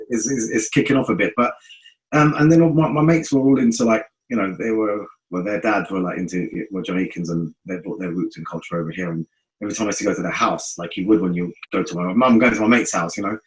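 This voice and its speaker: A man with a London accent, a guest telling stories in a casual interview, animated and rambling, acting out the people he quotes. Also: fairly low pitch, low-quality recording. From North West London. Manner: animated, acts out quoted voices, fast rambling. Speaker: guest musician.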